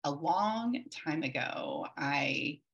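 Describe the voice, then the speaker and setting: A woman's voice: sits low, lively intonation, very slow, a bit bright, lo-fi sound. A woman in her forties, a podcast guest, telling a personal story candidly and reflectively, with many restarts.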